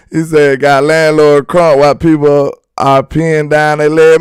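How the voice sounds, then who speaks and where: A young man hosting a sports talk show, talking fast and slangy while firing up fellow fans with confidence. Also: a little high, steady tone, clean tone, no echo. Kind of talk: fired-up sports fan talk.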